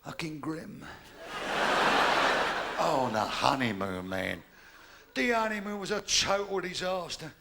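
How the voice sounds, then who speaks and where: Brash gravelly man telling stage jokes. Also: fairly high pitch, animated, slow, pauses often. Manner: brash, bawdy joke-telling, acting out both sides of each exchange. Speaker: stand-up comedian. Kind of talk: stand-up comedy routine. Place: large theatre stage. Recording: noisy live theatre recording.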